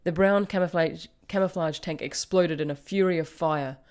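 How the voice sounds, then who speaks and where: Low-voiced woman reading a story aloud. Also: normal speed, a little mellow. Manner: reads with casual asides. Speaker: host.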